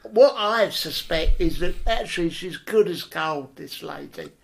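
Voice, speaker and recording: A podcast co-host telling rambling comic stories in casual banter. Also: female voice, lowish voice, expressive, measured pace, vocal fry, noisy background. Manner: rambling storyteller.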